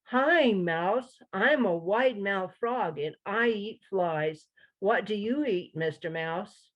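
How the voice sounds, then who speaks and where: A woman's voice: mid-range voice, lively intonation, slow pace, dull audio. A woman reader voicing a cheerful, chatty male frog from a children's storybook, with sing-song greetings. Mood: cheery.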